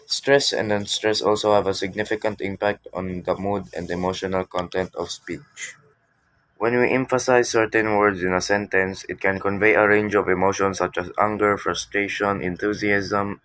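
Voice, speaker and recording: A male teacher with a very low voice gives a lecture. He reads from prepared text and often stops to restart a word. The sound is dry and close, with no room echo. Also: fairly bright tone. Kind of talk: classroom lecture.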